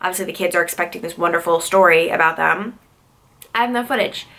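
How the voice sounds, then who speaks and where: Brief: young woman vlogger, bright, forceful tone, chatty and tired, lots of "like.". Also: fairly low pitch, fast talker, gravelly. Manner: chatty, peppered with "like" fillers. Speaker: vlogger and news reporter. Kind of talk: casual vlog chat.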